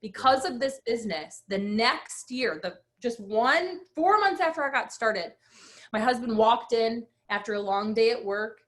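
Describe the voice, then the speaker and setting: A woman's voice: a little high, unhurried. A woman in her thirties, a guest speaker, telling her personal story with emphatic energy and acted-out quotes. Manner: animated, emphatic, acts out quotes.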